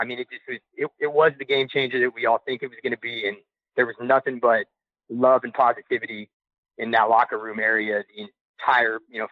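A young man tells a story fast and eagerly, full of casual slang. He is calling in, so his voice comes through a tinny phone line. The sound is dry and close. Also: medium pitch, dry recording. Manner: excited, quick, loose slang. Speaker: podcast caller sharing a story. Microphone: phone call.

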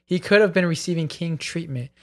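A man's voice: on the high side, fairly quick. A man co-hosting a casual podcast, joking bluntly and reading out listener messages. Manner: joking, blunt, swears freely. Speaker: podcast co-host.

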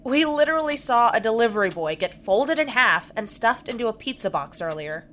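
A woman's voice: fairly high pitch, lively intonation, brisk, fairly bright tone, slight background noise. A woman playing a blunt, crude, sarcastic young woman in an audio drama.

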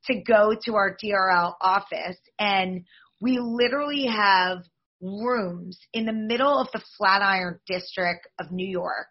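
A woman in her forties speaks as a podcast guest, selling her league with upbeat, promotional energy. Her voice is husky and mid-pitched. The audio sounds slightly dull, as over a remote link. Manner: upbeat, promotional, fast-flowing. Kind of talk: podcast interview answers.

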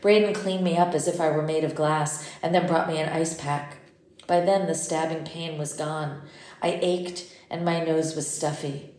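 Low-voiced woman narrating an audiobook. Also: fairly even intonation, moderate pace, a little mellow. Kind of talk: first-person audiobook narration. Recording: roomy echo.

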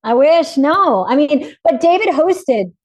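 A woman's voice: high voice, lively intonation. A middle-aged woman, a guest on a podcast, chatting in an upbeat, talkative way. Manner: upbeat, chatty, quick to laugh along. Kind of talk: casual chat.

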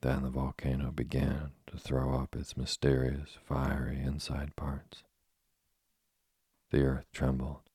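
A man narrating a storybook in a steady, measured reading. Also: very deep voice, husky, dry recording, studio quality. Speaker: audiobook narrator.

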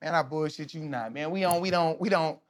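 A man in his thirties, a podcast guest, telling stories in a casual, animated, slangy way, often laughing. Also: on the high side, normal speed. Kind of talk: casual storytelling.

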